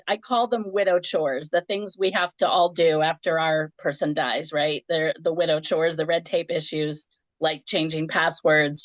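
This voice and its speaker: A woman, a comedian and grief counselor, telling a personal story in an animated conversational way. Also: deep voice, no room sound, dull audio. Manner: animated, laughs through a painful story.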